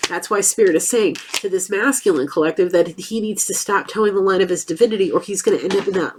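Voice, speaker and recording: A woman's voice: lowish voice, slight background noise. A woman giving a casual tarot reading, chatty and blunt, with a stuffed-up nose. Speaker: tarot reader.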